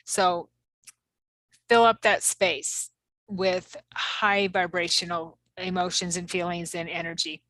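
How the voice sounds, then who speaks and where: A woman's voice: on the low side, level tone, slow, fairly bright tone, dry recording. Co-host psychic medium, woman, chatty rambling, dry sound. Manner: rambling, many fillers and restarts. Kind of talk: casual spiritual chat.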